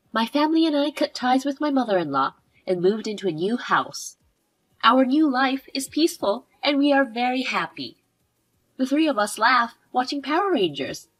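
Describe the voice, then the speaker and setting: A young woman narrating her own drama story in the first person, cool and cutting when she confronts someone, calm in narration. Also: fairly high pitch, low-quality recording. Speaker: narrator and protagonist.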